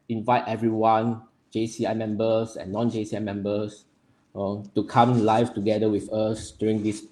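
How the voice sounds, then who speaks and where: A young man from Nepal, hosting a livestream and greeting viewers by name in a friendly, halting way full of fillers. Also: fairly low pitch, a little mellow. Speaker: livestream host.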